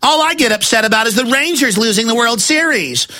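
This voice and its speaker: A man's voice: extremely high pitch, lively intonation, brisk, sharp tone, pitched above the performer's own voice, exaggerated voice. A man putting on the voice of a dim, complacent yuppie, whiny and sing-song in mockery. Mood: mocking.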